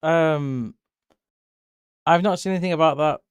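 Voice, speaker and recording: A British man chatting casually on a live stream, answering chat and rambling freely. He laughs often, and his voice jumps up when he gets excited. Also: on the high side, unhurried, clean tone, no echo, studio quality. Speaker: livestreamer.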